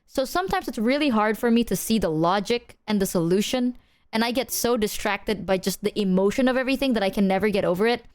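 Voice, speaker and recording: A young woman streamer chatting casually, telling an animated story and acting out the quotes. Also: mid-range voice, fast talker. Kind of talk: casual chat.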